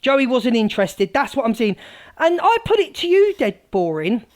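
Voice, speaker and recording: Woman going off on a live stream, mocking and scathing, loud then muttering. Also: a little high, sing-song, moderate pace. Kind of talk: heated live-stream rant.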